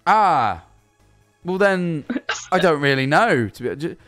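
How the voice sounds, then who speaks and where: A man's voice: on the high side, big pitch swings, slow, fairly bright tone, soft background music. A young man from England hosting a casual live stream, answering viewer calls with rambling, stammering chat and casual swearing.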